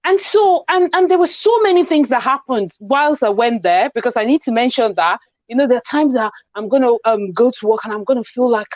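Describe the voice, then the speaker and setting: A woman hosting a casual group chat, telling a personal story in an animated way and acting out the dialogue. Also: on the high side, brisk, few pauses, dry recording, highs cut off. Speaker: host. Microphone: video call.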